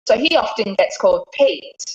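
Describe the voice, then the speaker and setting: A woman's voice: a little high, expressive, normal speed. A woman with an Australian accent, chatting as an interview guest, laughing often. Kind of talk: casual interview chat. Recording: echoey room, dull lo-fi sound.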